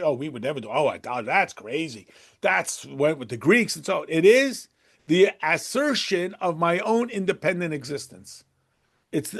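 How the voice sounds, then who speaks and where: A man teaches a Torah class in a high, gravelly voice. He talks to the room conversationally and asks rhetorical questions. He acts out the quotes he cites.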